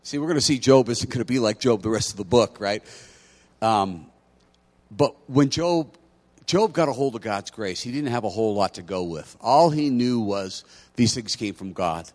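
A man with a fairly low voice delivers a sermon. He moves between relaxed, conversational storytelling and stretches of loud, emphatic preaching. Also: moderate pace. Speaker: pastor.

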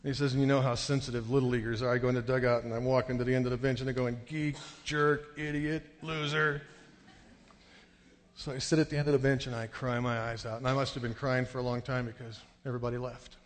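Guy preaching, mid-range voice, gets all excited telling a story, big hall echo. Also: rapid-fire, few pauses. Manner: animated storyteller, jumps into high excited delivery. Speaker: pastor. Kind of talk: sermon with storytelling. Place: church sanctuary. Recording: long hall reverb.

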